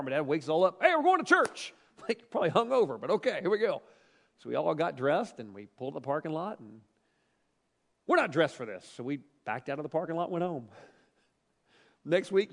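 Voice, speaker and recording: Gravelly, animated male preacher in a hall. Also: on the high side. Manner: animated, emphatic, repeats phrases for effect. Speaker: pastor. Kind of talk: storytelling sermon.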